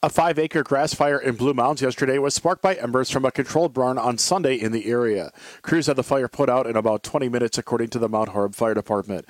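A man anchoring a local radio newscast in a steady, measured read. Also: mid-range voice, dry recording.

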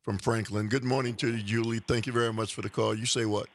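A man's voice: lowish voice, fairly even intonation, fast talker, slight background noise. A man hosting a call-in radio talk show, taking callers and arguing his points firmly. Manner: takes calls, argues back firmly.

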